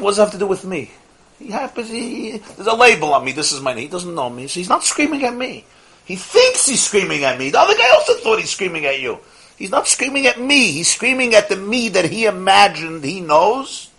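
A man teaching a weekly class, telling stories in a lively way and putting questions straight to his listeners. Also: high voice, brisk, husky. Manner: animated storyteller, talks to listeners directly with questions. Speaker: religious teacher.

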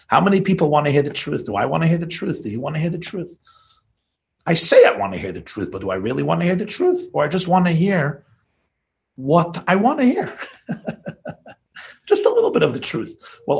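A man giving a sermon, building to emphatic peaks and dropping to soft asides. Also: a little high, gravelly.

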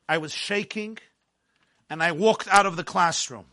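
A man narrating a first-person story in a measured, dramatic way, dropping into quiet stretches. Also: high-pitched.

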